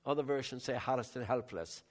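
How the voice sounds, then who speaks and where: An older man preaching a sermon in a conversational way, bantering with the congregation, with big swings in loudness. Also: mid-range voice, brisk. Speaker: pastor.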